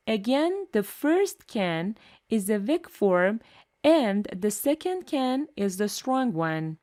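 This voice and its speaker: A woman gives a scripted English pronunciation lesson at a very slow, deliberate pace. She repeats every example word twice and articulates each sound with care. Her pitch moves in wide, lively swings.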